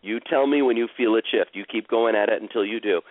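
A man guides a caller through a live coaching session, speaking slowly and soothingly and repeating his phrases. His voice comes through a thin, tinny, phone-like line. The sound is dry and close. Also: fairly low pitch, dry recording. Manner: slow, soothing, repetitive guidance.

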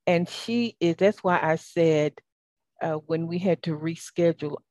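A woman's voice: lowish voice, unhurried, no echo. A woman with a Southern US accent hosting an interview, affirming her guest with faith-tinged phrasing. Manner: warm, affirming, churchy phrasing. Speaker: podcast host.

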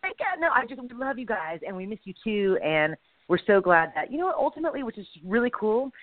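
Bubbly, animated woman on a tinny line. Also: quick pace, no room sound. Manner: bubbly, animated storyteller with big swings in pitch. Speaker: co-host. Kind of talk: casual faith chat with comedic storytelling. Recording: dry, tinny phone-like audio.

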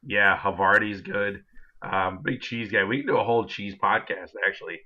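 A man's voice: fairly low pitch, normal speed. A man in his twenties co-hosting a casual sports podcast, rambling with many fillers. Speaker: podcast co-host. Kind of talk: casual chat. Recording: dull lo-fi sound.

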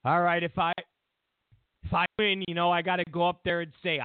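A talk show host delivers a casual comedic rant, sarcastic and rambling, restarting often. His voice is fairly high with vocal fry, smooth, at a moderate pace, and the dry recording sounds tinny and phone-like with no echo.

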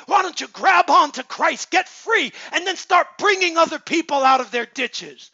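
High-voiced preacher man, bright and gravelly. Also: expressive, moderate pace, hardly any pauses, no room sound. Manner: exhorting, swings from loud shouts to low murmurs. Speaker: pastor. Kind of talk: sermon. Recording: dull lo-fi sound.

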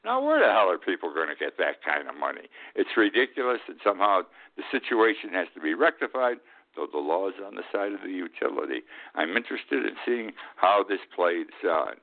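A man's voice: low voice, sing-song. An older man from upstate New York hosting a radio talk show, giving a blunt, sarcastic commentary monologue and often tagging on "okay?". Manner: blunt, sarcastic, drawn-out emphasis with frequent "okay?". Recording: tinny phone-like radio audio.

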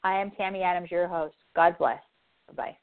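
A woman's voice: lowish voice, fairly even intonation, moderate pace. A woman radio host and spiritual advisor talking in a heartfelt, earnest way and repeating herself for emphasis. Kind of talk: emotional spiritual talk. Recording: tinny phone-like line.

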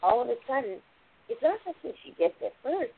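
A woman's voice: on the high side, very animated, brisk, gravelly, slightly rough. A woman hosting a spiritual radio show, explaining things in a rambling, casual way and often saying "like" and "literally". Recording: tinny phone-line radio audio.

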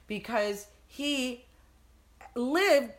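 A woman's voice: fairly high pitch, animated, extremely slow. A woman hosting a talk show, earnestly telling a story in casual chat. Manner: earnest, tells stories. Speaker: show host.

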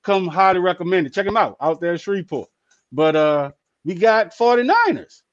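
A man co-hosting a casual sports talk show, playful and animated, often jumping into excited high outbursts. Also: normal speed, dry recording, lo-fi sound.

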